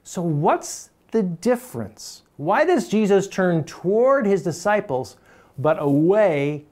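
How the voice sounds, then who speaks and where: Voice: medium pitch, sing-song, takes it slowly, warm tone. A pastor preaching a sermon in a conversational, emphatic way, often breaking into small chuckles.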